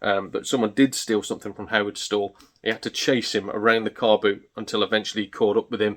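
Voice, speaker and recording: A man's voice: on the low side, level tone, fast talker, a bit bright. Exasperated man ranting casually. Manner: exasperated, chatty ranting storyteller. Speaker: gaming YouTuber.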